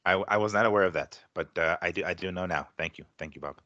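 A man co-hosting a casual sports radio chat, quick and deadpan. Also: low voice, dry recording, highs cut off. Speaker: co-host.

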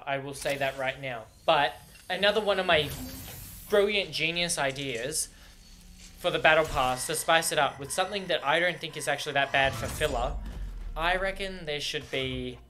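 Here a young man with a fairly high-pitched voice gives loose, excitable commentary as he reacts to video game cinematics, frequently breaking into laughter.

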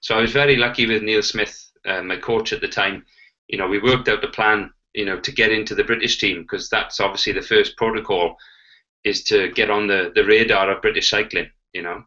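Sex: man. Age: 40s. Origin: Wales. Role: interview guest. Style: animated storytelling with quoted dialogue. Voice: lowish, bright, forceful. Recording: dull, lo-fi. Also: brisk. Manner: animated, acts out quoted dialogue, frequent "you know". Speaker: guest, Paralympic cyclist. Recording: dull lo-fi audio.

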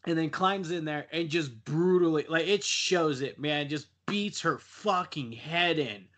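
A man's voice: fairly high pitch, measured pace, a bit bright. A young man on a casual podcast, retelling a horror film in a rambling, profane way and laughing often. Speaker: podcast co-host.

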